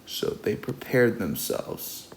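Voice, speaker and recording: A young man teaching Spanish, reading a storybook aloud and explaining it in English at a patient pace. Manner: slow and patient, switching between reading and explaining.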